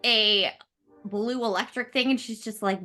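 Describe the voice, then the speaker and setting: A woman's voice: fairly high pitch, fairly even intonation, measured pace, pushed and bright, soft background music. A woman playing in a tabletop role-playing game, giggling often and joking in a playful way. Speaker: player. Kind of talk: casual tabletop game play.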